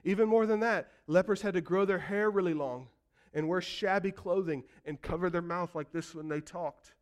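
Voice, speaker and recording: Dramatic preaching man, rather high voice. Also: moderate pace. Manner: storytelling preacher, acts out quotes and builds to shouts. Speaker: pastor. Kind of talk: sermon.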